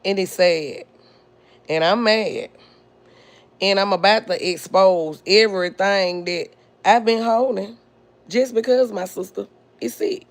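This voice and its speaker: A woman hosting a podcast, telling a personal family story in a blunt, indignant way. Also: medium pitch. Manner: blunt, indignant, drawn-out delivery. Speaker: podcast host.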